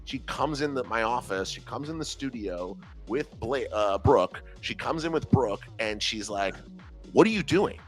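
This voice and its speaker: Low-voiced man telling stories on a stream. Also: moderate pace, few pauses, faint music behind. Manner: animated storytelling, acts out quotes. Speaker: trader and show host. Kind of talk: casual live-stream chat.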